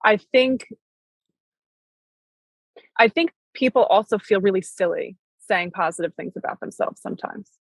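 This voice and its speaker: A young adult woman co-hosts a podcast, talking casually but earnestly and reflectively, often saying "right?" and "like." Her mid-range voice moves at normal speed with long pauses. The audio is poor, though there's no echo.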